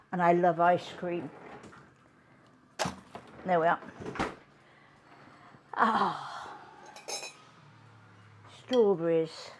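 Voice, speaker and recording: A woman hosting a home cooking demonstration, chatting in an unhurried way as she works in her kitchen. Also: fairly low pitch, noisy background. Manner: chatty, unhurried, talks while working. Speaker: cooking show host.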